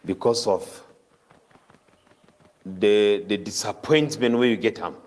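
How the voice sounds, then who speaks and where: A man preaching a Ramadan tafseer sermon in Cameroonian Pidgin English, chanting Arabic verses rapidly between his explanations. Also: lowish voice, a little mellow.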